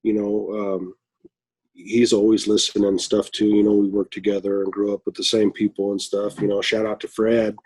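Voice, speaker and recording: A middle-aged man from Flagstaff talking in a loose, rambling way, full of "you know" and "and stuff." His voice is husky and a little breathy. He chuckles now and then as he chats. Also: fairly low pitch, level tone, normal speed, a little mellow. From Flagstaff, Arizona. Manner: rambling, filler-heavy, chuckles often. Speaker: listener guest. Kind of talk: casual chat.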